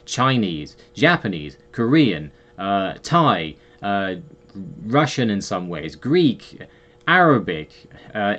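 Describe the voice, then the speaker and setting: Rambling man with a lowish voice. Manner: rambling, loose talk full of asides. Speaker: YouTube host and language teacher. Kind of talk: casual vlog monologue.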